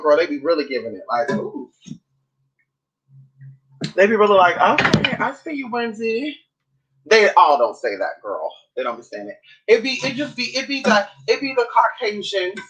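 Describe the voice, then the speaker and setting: A woman's voice: lowish voice, pushed and bright, poor audio. A woman vlogging at home, chatting to her viewers in a sassy, profane way and calling them girl and honey. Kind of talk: casual chat to camera.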